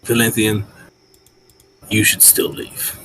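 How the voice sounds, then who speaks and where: A man's voice: on the low side, completely flat delivery, takes it slowly, pushed and bright, slight background noise, poor audio. A man voicing a stern male giant guard who speaks in short, accusing sentences.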